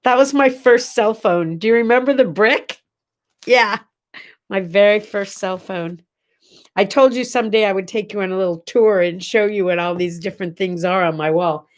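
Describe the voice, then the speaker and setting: A woman's voice: medium pitch, moderate pace. A woman hosting her morning vlog from a room at home, chatting with viewers in an encouraging way and often asking them questions. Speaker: host. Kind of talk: casual morning vlog talk.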